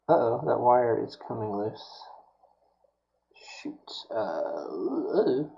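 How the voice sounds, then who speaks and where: A man's voice: mid-range voice, extremely slow, creaky, muffled recording. A man streaming while he builds a prop, talking casually and muttering to himself, with mild self-scolding as things go wrong.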